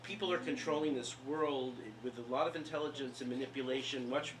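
A man in the audience making an earnest, halting comment. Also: medium pitch. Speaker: audience member. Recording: distant voice with faint noise.

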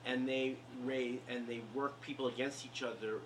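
A man's voice: medium pitch, level tone, moderate pace, a bit bright. Earnest man speaking from off-mic. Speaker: audience member. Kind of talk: comment from the audience. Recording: distant voice with faint noise.

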